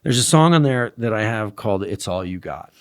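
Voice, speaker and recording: A young man in a casual podcast conversation, telling a story animatedly and dropping to a hush at tense moments. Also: lowish voice, lively intonation, a little fast. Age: young adult. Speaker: podcast guest.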